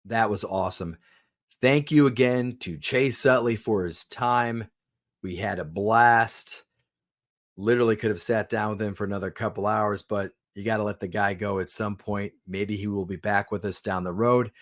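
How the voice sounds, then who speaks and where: A man's voice: on the low side, steady tone, moderate pace. A man, the podcast host, reading a scripted outro and sponsor plug in an upbeat, promotional manner. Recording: music bed underneath.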